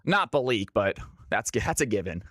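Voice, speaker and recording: A man's voice: lowish voice, very animated, normal speed, fairly bright tone, no echo, clean studio sound. A man from Georgia in the US, hosting a live stream and calling custom games with a hyped announcer delivery. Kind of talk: live game commentary.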